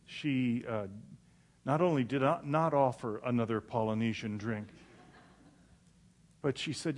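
A male pastor preaching a sermon, telling a funny story in an animated way, full of stammers and restarts, and poking fun at himself. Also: medium pitch, measured pace, long pauses.

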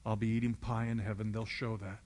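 A man's voice: on the low side, little pitch movement, fairly quick, a little mellow. A man preaching a sermon, retelling the scene as vivid storytelling and acting it out.

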